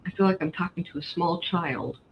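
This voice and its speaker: A woman's voice: fairly low pitch, brisk. A middle-aged woman, chatting frankly and telling stories about her family. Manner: frank, storytelling, blunt. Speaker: host. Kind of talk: casual chat while crafting. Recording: slightly dull stream audio, faint background noise.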